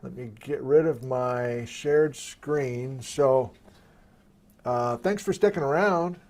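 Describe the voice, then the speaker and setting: A man hosting a live question-and-answer stream from his desktop computer, chatting casually and thinking aloud as he works the software. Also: medium pitch, slow pace.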